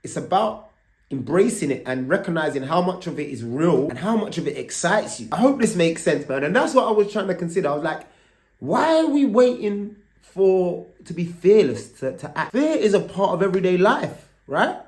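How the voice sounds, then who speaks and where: A man's voice: high voice, big pitch swings, a little fast, reverberant. A man, telling a story to his vlog camera in a loose, casual way. He swears freely and keeps tagging lines with "right?". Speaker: vlogger.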